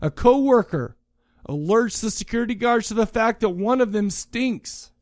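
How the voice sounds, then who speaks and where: A high-pitched man riffs through a movie review on his podcast. He rambles, jokes and stumbles over foreign names, his voice dry and close. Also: lively intonation, moderate pace, darkish tone, dry recording. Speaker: podcast co-host. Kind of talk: casual comedic movie review chat.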